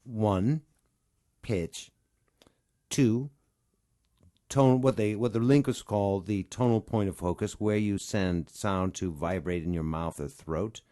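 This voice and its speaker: A man's voice: lowish voice, takes it slowly, long pauses, warm tone. A man, a voice actor co-hosting a podcast, explaining his craft in an analytical way during casual chat.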